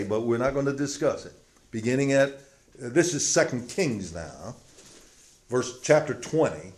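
A man preaches a sermon in a room with a roomy echo. He acts out the quotes, swinging from loud, emphatic passages down to hushed ones. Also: fairly low pitch.

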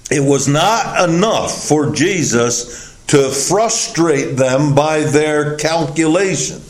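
A man preaching a sermon in a conversational way, acting out the thinking of the people in his story. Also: a little high. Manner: conversational, acts out the disciples' reasoning. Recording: echoey room, taped sermon.

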